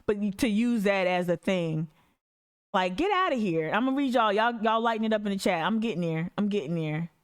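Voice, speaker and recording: A woman's voice: medium pitch, animated, fairly quick, clean tone. A woman hosting an activist podcast, reading articles aloud and breaking off into profane, fired-up rants. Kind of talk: casual livestream commentary.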